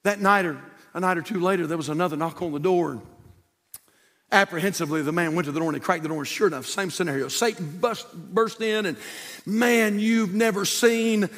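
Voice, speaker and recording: A male pastor preaching a sermon in a church, telling a story that swings from loud, shouted peaks to hushed, quiet lines. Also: on the high side, fast. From United States. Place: church sanctuary. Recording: long church reverb.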